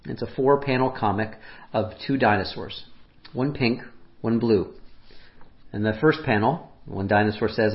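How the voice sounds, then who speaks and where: A man preaching as a pastor, speaking gently and unhurriedly, his voice dropping softly on heartfelt lines. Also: on the low side, normal speed. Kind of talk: reflective sermon. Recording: muffled lo-fi sermon audio.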